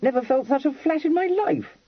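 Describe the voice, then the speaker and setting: A man's voice: extremely high pitch, lively intonation, fairly quick, vocal fry, dry recording, pitched above the performer's own voice, full character voice. A man voicing a mild, blunt young Regency dandy who talks in clipped, slangy phrases and drops his words. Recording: dry, dull lo-fi recording.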